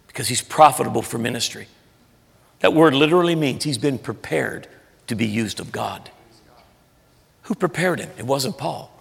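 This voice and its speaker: A man pastor preaching a sermon in a church, earnest and emphatic, sometimes dropping soft. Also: on the high side, creaky. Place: large church sanctuary. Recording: echoey church hall.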